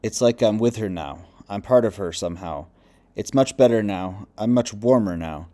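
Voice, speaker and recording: A lost and bitter male ghost, depressed and confused, speaking low and quietly in a mellow, darkish voice, as a male audiobook reader voices him. The delivery stays subdued and plain. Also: moderate pace, close to an everyday voice. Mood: resentful.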